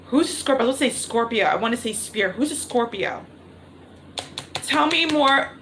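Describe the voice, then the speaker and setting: A woman's voice: a little high, animated, fairly quick, a bit bright, slight background noise, low-quality recording. A woman reading tarot cards on a livestream, thinking aloud and repeating her questions to spirit. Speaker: tarot reader. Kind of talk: live-streamed tarot reading.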